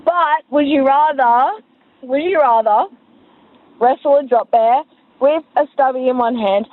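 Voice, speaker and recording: A woman's voice: high voice, unhurried. A woman leaving a hesitant message for a podcast hotline. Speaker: caller. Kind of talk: voicemail message. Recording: tinny phone line.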